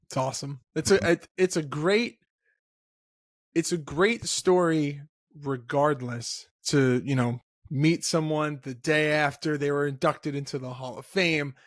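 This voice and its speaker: A man co-hosting a podcast in casual chat, chiming in with quick reactions. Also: a little high, fairly even intonation, no room sound, clean studio sound. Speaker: podcast co-host.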